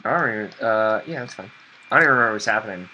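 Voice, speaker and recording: A man's voice: on the low side, animated, very fast, pushed and bright, muffled recording. A man hosting a live podcast, joking around in a scattered, casual way. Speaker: podcast host.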